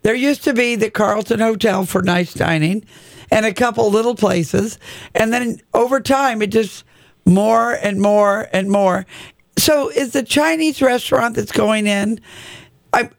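A man's voice: high voice, moderate pace, creaky, no room sound. A man hosting a call-in radio show, chatting casually with a guest and callers into a close studio mic. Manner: chatty, conversational.

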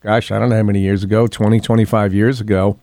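An older man hosts a morning talk radio show from a studio. His voice sits low and mellow, and the sound is close and dry. He rambles along in a folksy way, full of ums and throat clearing. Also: little pitch movement, fast talker, dry recording. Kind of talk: casual talk radio monologue.

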